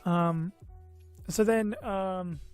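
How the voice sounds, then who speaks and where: A man's voice: high-pitched, steady tone, very slow, darkish tone. A man telling a personal story on his vlog, tired and a bit loopy, meandering with lots of fillers and self-mocking asides. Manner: meandering, full of "you know" and "uh", self-mocking. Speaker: vlogger. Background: faint background music.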